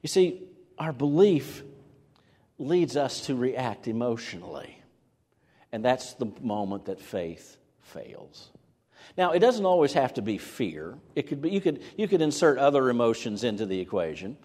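A man preaches in a church sanctuary, his voice swinging widely in pitch as he acts out quoted lines. His voice sits at a middle pitch and rings with the long reverb of a large hall. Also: big pitch swings, unhurried, darkish tone. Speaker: pastor. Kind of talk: sermon.

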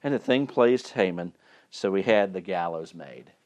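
A man's voice: sits low, animated, normal speed, a little mellow. A male preacher retells a Bible story in a loose, chatty way. He often stops and repeats words before pressing on.

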